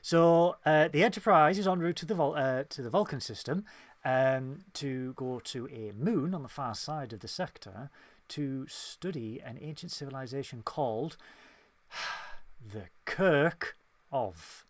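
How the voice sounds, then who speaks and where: A man's voice: medium pitch, lively intonation, measured pace, no echo. A man with an English accent co-hosting a casual review chat, joking and bantering. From Northern England. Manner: jokey, playful banter. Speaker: podcast co-host.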